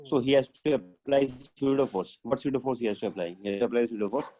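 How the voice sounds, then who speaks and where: A man's voice: medium pitch, fast, warm tone. A man teaching physics in a live online class over a video call, explaining step by step and thinking aloud with many fillers.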